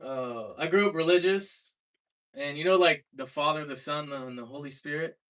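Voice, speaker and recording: Young male stand-up, deadpan and halting, bright fairly high voice, small club room. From Seattle. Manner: deadpan, halting, many filler words. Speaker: stand-up comedian. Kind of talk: stand-up set at an open mic.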